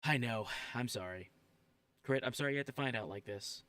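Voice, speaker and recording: A man's voice: medium pitch, fairly quick, bright, forceful tone, no echo, clean studio sound. A man streaming a game and ranting, heated, profane and emphatic.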